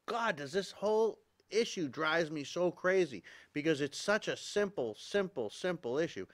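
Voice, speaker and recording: A man's voice: on the high side, big pitch swings, moderate pace. A man hosting a local talk show, ranting in an agitated, exasperated way and laughing in disbelief. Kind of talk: opinion commentary.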